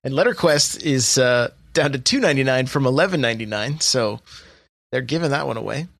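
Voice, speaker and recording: A man's voice: mid-range voice, lively intonation, brisk, vocal fry, a bit bright, no echo, clean studio sound. A man hosting a casual podcast, reading off sale prices with lots of fillers and chat. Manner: chatty, reads sale prices with many fillers. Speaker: podcast host.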